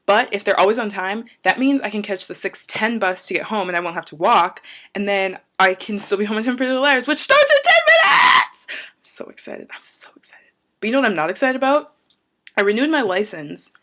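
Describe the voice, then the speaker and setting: A woman's voice: mid-range voice, fairly bright tone. A young woman talking casually to camera in a vlog, rambling and going off on tangents in an upbeat, chatty way. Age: young adult. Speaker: vlogger.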